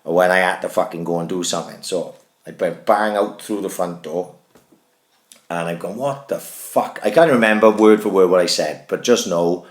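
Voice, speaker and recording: A low-voiced man in his thirties tells a rambling, foul-mouthed story to his podcast co-host. He talks in a lively, conversational way, full of "right?" and swearing. The sound is roomy and echoey. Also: normal speed. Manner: sweary, animated anecdote-telling. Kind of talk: casual chat, storytelling.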